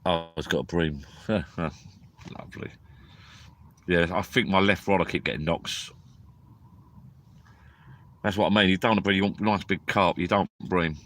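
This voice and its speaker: Deep-voiced tired man. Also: measured pace, pauses often, fairly bright tone, a little hiss or hum. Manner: rambling, chatty, drowsy. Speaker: fishing vlogger. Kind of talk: casual live-stream chat. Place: inside a small bivvy tent at a lake at night.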